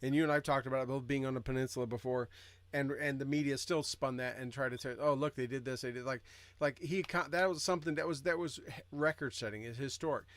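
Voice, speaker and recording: A man's voice: mid-range voice, quick pace, a bit bright, no echo. A man co-hosting a podcast, making his point earnestly and often repeating his words as he builds it. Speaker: podcast co-host. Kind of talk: casual podcast chat.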